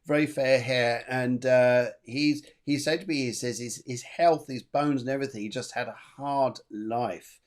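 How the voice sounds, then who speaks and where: Male medium-host, mid-pitched, chatty, repeats himself, laughs easily. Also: fairly even intonation, moderate pace, few pauses. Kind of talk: live psychic reading show.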